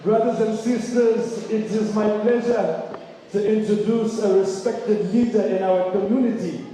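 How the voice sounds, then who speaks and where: A man's voice: high-pitched, steady tone, measured pace, dark tone, a little hiss or hum. A man from Canada hosting a gala, chatty and self-deprecating, with many asides. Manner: chatty, self-deprecating, frequent "you know". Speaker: gala emcee. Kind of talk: event hosting with personal anecdotes. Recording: echoey banquet hall, distant mic.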